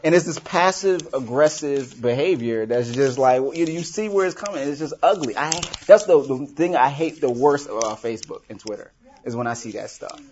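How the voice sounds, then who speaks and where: A man's voice: mid-range voice, normal speed, darkish tone, slight background noise. A man leading a workshop for a live group, talking casually with many "you know"s and acting out example lines. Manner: conversational, full of "you know", acts out quoted lines. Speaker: workshop leader. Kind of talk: casual teaching talk. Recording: dull lo-fi recording.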